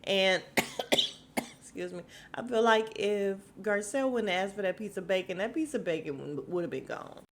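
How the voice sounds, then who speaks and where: A woman's voice: medium pitch, moderate pace, fairly bright tone, a little hiss or hum. A woman hosting a podcast, recapping a reality TV show in a chatty, sarcastic way with asides. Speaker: podcast host.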